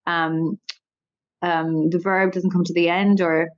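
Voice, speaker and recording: A woman's voice: lowish voice, level tone, slow, dry recording, highs cut off. A woman with an Irish accent, a stand-up comedian talking in a casual interview, rambling and self-deprecating. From Ireland.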